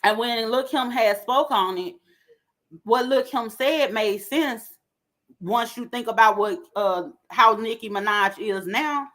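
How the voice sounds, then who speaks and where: A woman giving an animated, opinionated commentary rant with lots of slang. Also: a little high, slow. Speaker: commentary vlogger.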